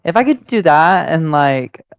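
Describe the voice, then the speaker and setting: A man's voice: on the high side, sing-song, measured pace, vocal fry, dry recording. A man playing a tabletop game who chats casually about his character's plans, leaning on "like" a lot. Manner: chatty, explains his plans with lots of "like". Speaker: player. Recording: dull, dry lo-fi sound.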